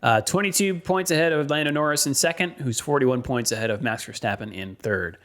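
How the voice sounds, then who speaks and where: A man co-hosting a motorsport podcast, reading weather and standings in a steady way with frequent ums and uhs. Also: mid-range voice, brisk. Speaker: podcast co-host.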